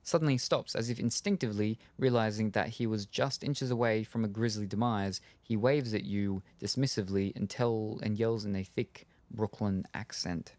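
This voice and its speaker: A man streaming a game, reading its story text aloud in steady narration with casual asides. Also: on the low side, normal speed, few pauses, no room sound.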